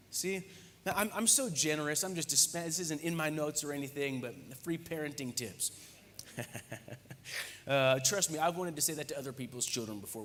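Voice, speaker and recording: Joking preacher in an echoey church. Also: male voice, on the high side, moderate pace, slight background noise. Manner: lively, joking, conversational preaching. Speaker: pastor. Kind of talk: sermon. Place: church hall. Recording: echoey church hall reverb.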